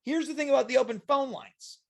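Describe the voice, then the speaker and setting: Man, high voice, call-in show host, dry bemused questions. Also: fast talker, vocal fry. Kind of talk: comedic live call-in show.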